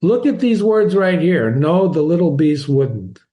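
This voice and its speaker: A man's voice: fairly high pitch, very animated, a little slow, highs cut off. A man casually breaking down a short story for students, asking rhetorical questions and reading quoted lines aloud. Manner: chatty, frequent rhetorical "right?". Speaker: literature teacher. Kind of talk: conversational story analysis.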